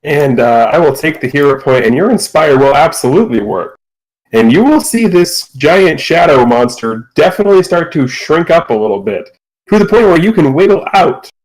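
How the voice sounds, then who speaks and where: A man narrating as game master of a tabletop game, relaxed and with many fillers. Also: on the high side, moderate pace, rough recording.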